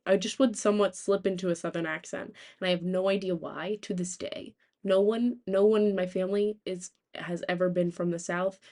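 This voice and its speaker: Rambling young woman streamer. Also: mid-range voice. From United States. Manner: rambling, animated storytelling with swearing. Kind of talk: casual chat.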